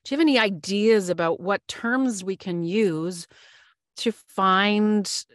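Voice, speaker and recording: A woman's voice: medium pitch, takes it slowly, no room sound, studio quality. A woman hosting a podcast who asks long, earnest questions and searches for her words with many fillers. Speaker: podcast host. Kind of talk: podcast interview.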